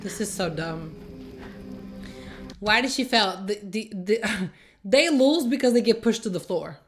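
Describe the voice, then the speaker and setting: A woman's voice: mid-range voice, expressive, unhurried, soft background music. Woman, reaction video host; blunt and exasperated, sarcastic running commentary.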